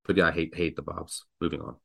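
A man co-hosting a sports betting podcast, telling stories in a lively, joking way. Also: a bass voice, quick pace, vocal fry, slight background noise. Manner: animated, joking storyteller. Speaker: podcast co-host. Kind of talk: casual sports betting chat.

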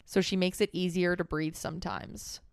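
A woman's voice: lowish voice, steady tone, normal speed, vocal fry, no room sound, clean studio sound. A young adult woman co-hosting a podcast in casual chat, reading listener stories aloud expressively, swearing freely and laughing often. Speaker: podcast co-host.

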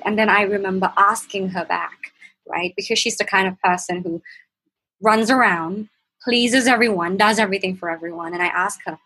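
A young woman, a podcast guest, telling a candid personal story in a halting way, with restarts and fillers. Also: mid-range voice, steady tone, bright, forceful tone, breathy edge, poor audio. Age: young adult.

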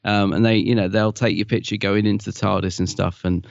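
A man's voice: fairly low pitch, flat delivery, a little fast, gravelly, no room sound, dull audio. A man co-hosting a podcast, chatting casually and often laughing as he tells anecdotes. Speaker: podcast co-host. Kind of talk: casual chat.

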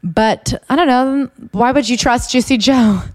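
A woman's voice: a little slow, no echo, studio quality. A young woman co-hosting a podcast, chatting and reading aloud from a book, sarcastic and incredulous. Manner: sarcastic, incredulous, pitch jumps when exasperated. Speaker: podcast co-host. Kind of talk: casual chat reading from a book.

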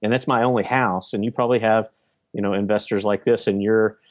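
A man with a lowish voice talks through real estate investing in casual podcast chat, leaning on everyday examples and fillers. His voice sits close and dry, with no room around it. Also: steady tone, a little fast, no room sound.

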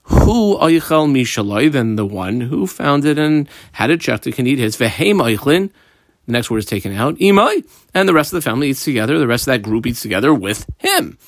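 A man's voice: mid-range voice, sing-song, a little fast, dry recording, studio quality. A man teaching a page of Talmud in a conversational way, mixing in Hebrew and Aramaic terms and asking and answering his own questions. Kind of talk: daf lesson explaining the text.

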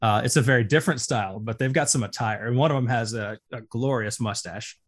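A man's voice: medium pitch, fairly quick. A man co-hosting a music podcast in casual chat, enthusiastic and rambling, with many fillers. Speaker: podcast co-host.

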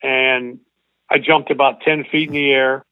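An older man, a former baseball coach, telling a long emotional story as an interview guest in an earnest, halting way. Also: medium pitch, flat delivery, clear, resonant tone, no room sound. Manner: earnest, halting, repeats himself. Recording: tinny phone-like line.

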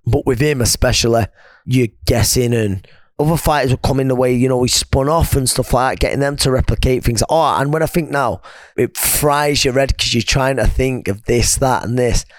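A man's voice: normal speed, no room sound, studio quality. A man, a retired boxer as a guest, telling stories in a chatty way and putting on the voices of the people he quotes. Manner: chatty storyteller, acts out quoted friends in a higher laughing voice. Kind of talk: casual podcast interview.

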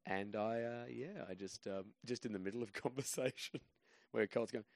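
A man's voice: medium pitch, normal speed, dry recording. A man guesting on a podcast as a comedian, telling rambling, self-deprecating anecdotes in a casual way.

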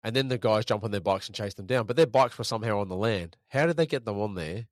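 A man's voice: fairly low pitch, fast talker, no echo, studio quality. A man co-hosting a casual film review chat, rambling and repeating his words. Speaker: podcast co-host.

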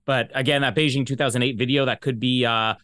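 Canadian male co-host, casual and halting, mid-range voice, dry recording. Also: mid-range voice, fairly even intonation, pushed and bright, no room sound. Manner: hesitant, thinking aloud, slow. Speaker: podcast co-host. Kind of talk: casual podcast chat.

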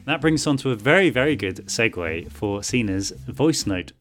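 A man co-hosts a podcast in relaxed, jokey chat. His voice swings up and down in lively intonation as he reads out messages. Faint music sits quietly behind him. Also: medium pitch, moderate pace. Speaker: podcast co-host. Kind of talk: casual chat.

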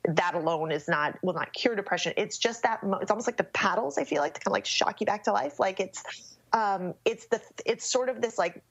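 A woman's voice: medium pitch, brisk, creaky, husky, muffled recording. A woman speaking as an interview guest in a candid personal conversation, often stopping and restarting as she searches for words.

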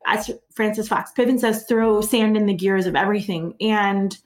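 A woman guest on an interview show, telling stories in an animated way and laughing often. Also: medium pitch, normal speed, echoey room. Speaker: guest, organizer. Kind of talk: conversational storytelling.

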